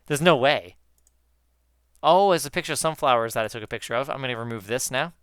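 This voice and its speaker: A man in casual chat with viewers while gaming, excitable, swearing often and calling his viewers guys. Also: mid-range voice, fast, clear, resonant tone, no echo, studio quality. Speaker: gaming YouTuber.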